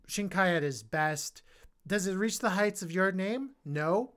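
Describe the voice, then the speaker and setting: A man hosting a film podcast, talking with open enthusiasm and breaking into loud excited outbursts. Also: high-pitched, measured pace. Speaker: podcast host. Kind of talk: casual film review chat.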